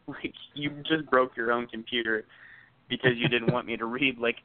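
A man's voice: medium pitch, steady tone, moderate pace. A young man co-hosting a podcast, casually telling stories about an ex with frequent laughs and profanity. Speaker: podcast co-host. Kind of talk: casual storytelling chat. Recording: tinny phone-like sound.

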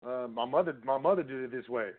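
A trust law educator with a medium-pitched voice talks fast in a rambling, casual lecture. He often poses questions and answers them himself, addressing the listener directly. The audio is narrow, like a phone line.

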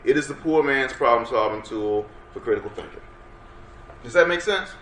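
Male workshop presenter, energetic and audience-driven, mid pitch, roomy room with faint hiss. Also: moderate pace. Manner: energetic, coaxes audience to respond. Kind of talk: interactive workshop lecture. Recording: roomy room sound, faint background noise.

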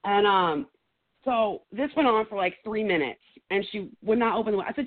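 A woman guest telling a first-hand story in a lively way, acting out her own words loudly. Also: mid-range voice, brisk. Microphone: phone call. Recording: tinny phone line.

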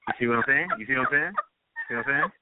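A man's voice: medium pitch, racing, noisy background. A man from Brooklyn, rambling and swearing freely as a panelist in casual talk-show banter. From Brooklyn, New York. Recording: tinny dry phone-line sound.

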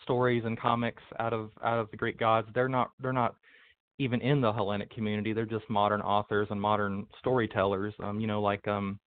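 A man's voice: fairly low pitch, level tone, fairly quick, smooth. A man with a North Carolina accent answering interview questions as a guest, hesitant with many fillers. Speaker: guest, priest. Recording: tinny phone-line sound.

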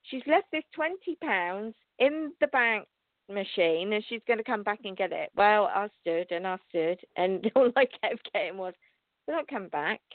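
A woman hosting a spiritual talk show, telling a story to her listeners in a chatty, excitable way with restarts and laughter. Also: medium pitch, moderate pace, no room sound. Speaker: show host and psychic reader. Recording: tinny phone-line sound.

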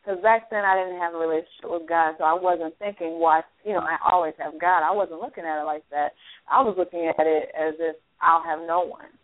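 A woman co-hosting a faith-based advice radio show. She speaks softly and candidly while reflecting on her own past. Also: sits low, steady tone, fairly quick, dry recording. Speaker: radio co-host. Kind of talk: personal sharing on talk radio. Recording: dry, tinny phone-like radio audio.

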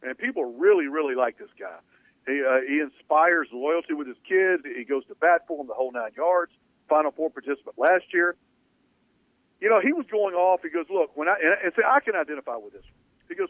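Male sports talk host, high pitch, emphatic, rambling delivery; dry, narrowband radio sound. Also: fairly quick, dry recording. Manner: emphatic, opinionated, rambling with restarts. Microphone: studio radio mic. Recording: dry phone-like radio audio.

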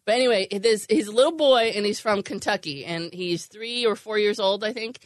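A woman co-hosting a casual podcast chat, telling stories in an animated way and slipping into mimicry. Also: medium pitch, moderate pace, no echo. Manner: animated storyteller who mimics voices. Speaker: podcast co-host.

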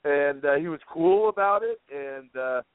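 A man co-hosting a comedy talk show, rambling along with stops and filler words. His voice sits a little high. It is recorded dry and thin, like a phone line. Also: expressive, dry recording. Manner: rambling, halting, many fillers. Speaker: radio co-host. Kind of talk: casual comedy chat.

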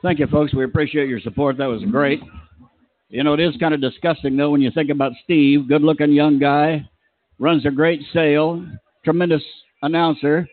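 Speaker, male, slightly high voice, teasing folksy thanks, dry phone-like audio. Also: steady tone, normal speed, dry recording. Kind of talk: joking thanks from the podium.

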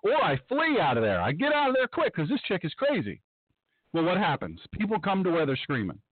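A man hosting a radio show and preaching in an excitable, animated monologue, sometimes mocking others in a high voice. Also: fairly quick, dry recording. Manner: excitable, breaks into mocking high-pitched impressions. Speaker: radio show host and pastor. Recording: tinny phone-line sound.

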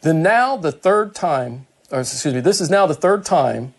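A man preaching a sermon, reading scripture verse by verse and explaining it in his own words, slowing down for quoted lines and speeding up when he acts out a character. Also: expressive. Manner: slows right down for quoted words, speeds up and climbs in pitch when acting out Peter.

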